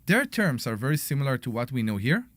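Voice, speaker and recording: Playful guy co-hosting a call-in show, pitch jumps around a lot, dry sound. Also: big pitch swings, fast, a bit bright, no echo. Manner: playful, teasing, interrupts. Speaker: co-host. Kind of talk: casual radio talk.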